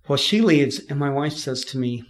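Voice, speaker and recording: A man from California, a podcast guest, telling his story in a lively way, laughing often and acting out what people said. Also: medium pitch, moderate pace. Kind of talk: storytelling in an interview.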